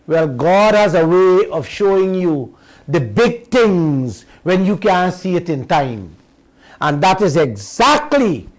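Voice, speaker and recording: A man's voice: on the high side, poor audio. A middle-aged man with a Guyanese accent hosting a radio talk show, speaking in a folksy, emphatic way and calling his listeners uncle and auntie.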